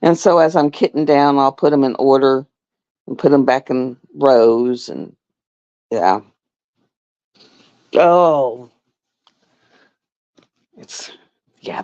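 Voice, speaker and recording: A woman telling stories on a live stream in a casual, animated way, laughing and acting out voices. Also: sits low, no echo. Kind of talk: casual storytelling chat. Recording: dull lo-fi sound.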